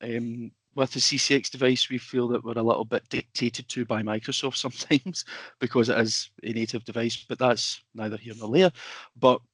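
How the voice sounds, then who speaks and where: A man's voice: medium pitch, steady tone, moderate pace, a bit bright, slightly rough, dry recording. A man presenting a product in a webinar from his home office, talking informally with lots of fillers. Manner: chatty, informal, filler-heavy.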